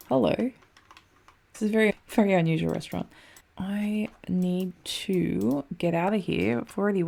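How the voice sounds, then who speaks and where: A woman's voice: mid-range voice, measured pace, vocal fry. A young Australian woman giving casual, frantic commentary while playing a map game, swearing under her breath.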